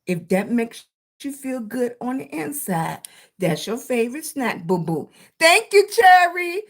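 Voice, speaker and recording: A woman's voice: on the high side, expressive, unhurried. A middle-aged woman with a Southern accent hosting a casual live stream, greeting her viewers by name with endearments and encouraging them to keep going. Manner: warm greetings to chat viewers, with terms of endearment; encouraging, motivational. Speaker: livestream host.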